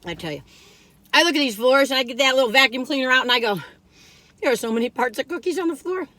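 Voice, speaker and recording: Fast and expressive, a woman with a high, bright, forceful voice reviews cookies in a casual chat. She hums and sings little snatches between bites, speaks while chewing, and lingers over savoring sounds. She works as a food reviewer.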